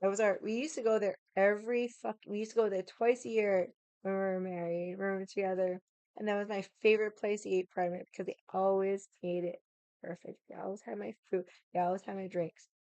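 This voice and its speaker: Forties woman, Boston accent, blunt profane vlog rant, smooth clear voice. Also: mid-range voice, little pitch movement, fairly quick, a little mellow, no echo. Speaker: vlogger. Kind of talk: casual rant to camera.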